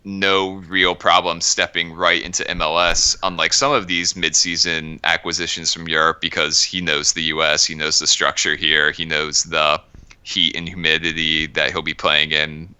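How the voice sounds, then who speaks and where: A man giving measured, analytical soccer commentary on a podcast. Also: sits low, pushed and bright, clear, resonant tone. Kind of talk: podcast discussion.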